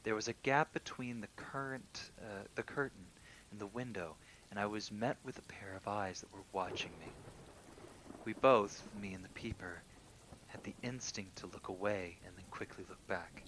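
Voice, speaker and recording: A man with a lowish voice that has a crisp, bright edge reads true horror stories in a calm, understated way. He often sinks into hushed near-whispers at the tense moments. Soft rain patters faintly in the background. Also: normal speed, slight background noise. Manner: calm, low-key reading that drops into hushed near-whispers. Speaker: horror story reader. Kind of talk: reading listener-submitted true horror stories.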